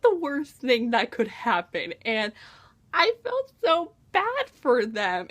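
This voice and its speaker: In a casual book review vlog, a young woman talks through a novel, her high voice swooping up and down. Gushing and exasperated, full of exclamations, she comes across like an excited fan venting about the story.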